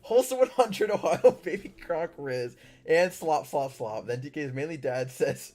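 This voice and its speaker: A man's voice: a little high, lively intonation, measured pace, a little mellow. A man streaming live, reading out viewer stories and breaking into laughs and mock-indignant protests along the way.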